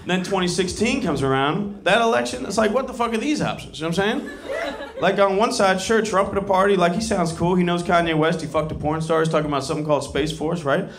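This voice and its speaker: A man's voice: high voice, quick pace, background noise. A man doing a stand-up routine on a club stage, talking in a loose, profane, conversational way and often asking "you know what I'm saying". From Cincinnati, United States. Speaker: stand-up comedian. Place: comedy club stage with a laughing audience. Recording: live club recording, loud audience laughter.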